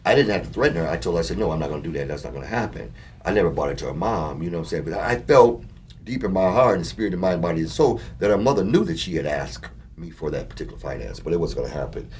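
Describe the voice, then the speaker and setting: A man co-hosting a talk show, casually telling a story in an animated, profane way and acting out what people said. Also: deep voice, fast talker. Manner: animated, profane, acts out quoted dialogue. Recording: distant mic with faint background noise.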